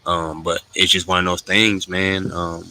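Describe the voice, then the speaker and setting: Bright-voiced opinionated man. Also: low-pitched, unhurried, dry recording, poor audio. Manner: animated, opinionated, with emphatic rises. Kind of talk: casual chat.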